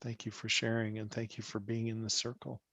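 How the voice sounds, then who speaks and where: A man leading an online spiritual class over a video call, speaking gently and slowly while searching for his words. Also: on the low side, completely flat delivery, husky, no room sound, muffled recording. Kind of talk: reflective teaching talk.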